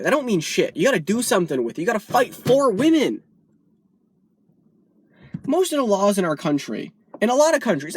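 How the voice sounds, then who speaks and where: A woman's voice: medium pitch, no echo. A woman vlogger delivering a heated, profane political rant, from the United States.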